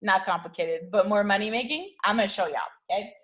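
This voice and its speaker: A woman's voice: fast, a bit bright. Casting: woman, 30s, network-marketing team leader, punchy hype talk, slangy, keeps checking in with her listeners. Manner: high-energy, repetitive, slangy, keeps asking "okay?". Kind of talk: motivational talk to camera.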